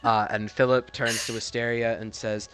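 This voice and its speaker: A man's voice: mid-range voice, flat delivery, moderate pace, fairly bright tone, clean tone. A man narrating a tabletop game as game master in a casual, rambling way.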